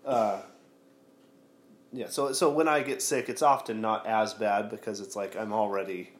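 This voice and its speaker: A man's voice: on the low side, steady tone, normal speed, echoey room. A man hosting a podcast in casual chat, congested and rambling with self-deprecating asides. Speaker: podcast host.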